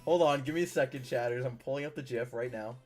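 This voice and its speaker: A man's voice: medium pitch, quick pace, faint music behind. A man streaming live, reading out viewer stories and breaking into laughs and mock-indignant protests along the way.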